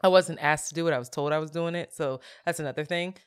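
A woman co-hosting a podcast, telling stories in a lively, animated way and laughing often. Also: sits low, fast talker, clear, resonant tone. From Philadelphia area. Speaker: podcast co-host. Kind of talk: casual chat.

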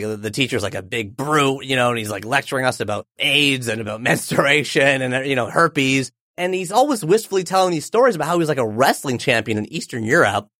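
A man in his forties, an author guest on a podcast, telling a personal story in an animated, emphatic way. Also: mid-range voice, no room sound, clean studio sound. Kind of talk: storytelling in an interview.

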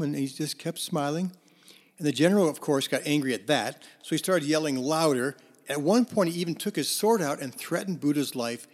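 Conversational higher-voiced male counselor. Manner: conversational, with fillers and restarts. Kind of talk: storytelling talk on forgiveness.

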